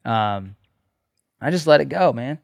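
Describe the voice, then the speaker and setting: Male podcast co-host, mid-pitched, earnest storyteller, dry close mic. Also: expressive, unhurried, creaky, no room sound. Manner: earnest storytelling, emphatic "okay?" check-ins. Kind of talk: casual podcast conversation.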